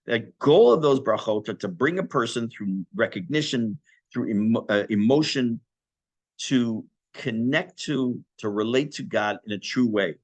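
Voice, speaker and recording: A man, a rabbi, giving a Torah class, explaining Hebrew terms in English with animated, self-correcting delivery. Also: mid-range voice, a little slow, dry recording.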